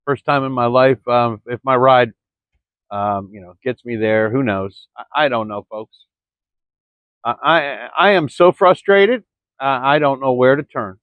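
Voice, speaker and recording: A man's voice: mid-range voice, a little slow, no room sound. Rambling man talking to viewers, lo-fi. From Florida. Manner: rambling, repeats words, addresses listeners as folks. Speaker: vlogger. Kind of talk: rambling monologue. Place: early morning, indoors or near the camera. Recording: dry, dull lo-fi sound.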